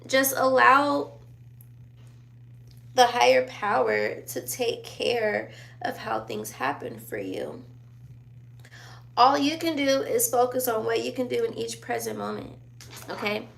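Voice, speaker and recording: Youthful, gravelly-voiced woman chatting slowly. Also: on the high side, lively intonation, a bit bright. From born in Virginia, raised in Sicily and Germany. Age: 20s. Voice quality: youthful-sounding voice. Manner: laid-back, chatty, laughs often. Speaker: vlogger answering viewer questions. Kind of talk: casual chat.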